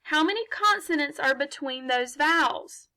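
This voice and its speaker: A woman's voice: high voice, expressive, normal speed, bright, forceful tone. A woman teaching a phonics lesson to young children from her laptop, patient and encouraging, posing questions and answering them herself. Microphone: laptop mic.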